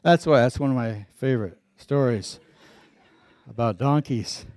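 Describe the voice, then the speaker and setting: A man preaching a sermon as pastor, telling stories in a folksy, lively way. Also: mid-range voice, a little slow, dry recording. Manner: folksy storytelling with lively emphasis.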